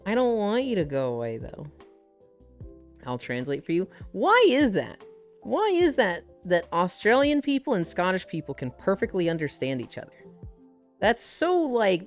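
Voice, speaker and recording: A young woman with a light Midwestern American accent, chatting casually and tiredly on a live stream, swearing now and then. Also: deep voice.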